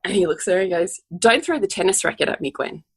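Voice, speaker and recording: A woman's voice: mid-range voice, quick pace, husky. A woman in her forties, co-hosting a casual podcast chat and telling family stories animatedly with frequent laughter. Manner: animated storyteller, laughs often, swears casually. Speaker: podcast co-host.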